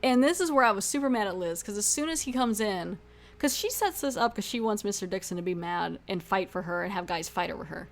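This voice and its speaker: A woman's voice: mid-range voice, expressive, brisk, creaky. A young adult woman hosting a podcast, casually retelling a TV episode with lots of likes and you-knows. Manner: chatty, full of filler like and you know, acts out lines. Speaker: podcast host reviewing a TV episode.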